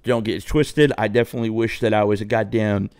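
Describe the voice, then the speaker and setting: A man's voice: fairly low pitch, steady tone, fast talker, a little mellow, clean tone, no room sound, clean studio sound. A young man telling a rambling, profane story to his viewers in a casual way. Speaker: vlogger.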